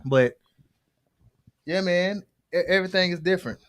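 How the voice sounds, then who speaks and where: A man's voice: high voice, normal speed, dry recording. Playful boastful young man hosting. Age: young adult. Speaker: host. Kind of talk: casual podcast chat.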